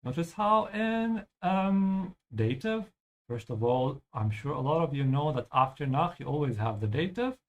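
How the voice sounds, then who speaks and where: Professor de idiomas paciente, homem. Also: male voice, a little high, lively intonation, unhurried. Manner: patient, checks in with "yeah?". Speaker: language teacher. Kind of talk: explaining vocabulary over gameplay.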